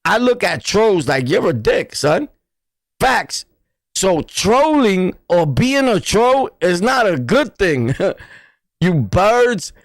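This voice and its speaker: A man's voice: high-pitched, big pitch swings, takes it slowly, dry recording. A man with a New York accent hosting a casual livestream, talking bluntly in repetitive street slang. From New York City. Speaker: livestream host.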